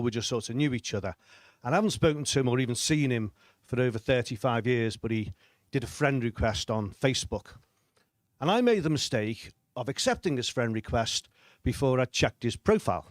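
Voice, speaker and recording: A man's voice: medium pitch, no echo. A middle-aged man telling stand-up stories on a comedy club stage, with a dry, self-deprecating delivery and frequent chuckles. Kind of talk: stand-up storytelling.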